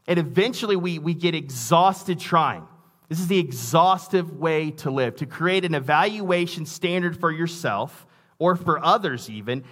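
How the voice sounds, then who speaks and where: A man's voice: on the high side, a bit bright. A man preaching a sermon in a conversational way, with asides and restarts, reading scripture aloud with emphasis. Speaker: pastor.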